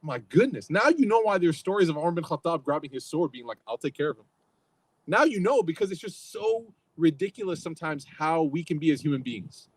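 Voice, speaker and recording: A young man speaking at a youth program gives a casual religious talk, telling stories conversationally and acting out the quotes. His voice is a little high, expressive and slightly rough, moving briskly with hardly any pauses. The recording is dry and the audio quality is poor.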